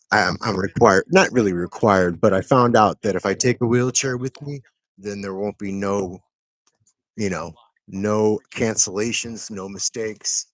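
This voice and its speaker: Earnest low-voiced man telling a story. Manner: earnest, rambling, many fillers and tag questions. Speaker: medical transport driver. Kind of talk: casual storytelling to camera. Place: at home.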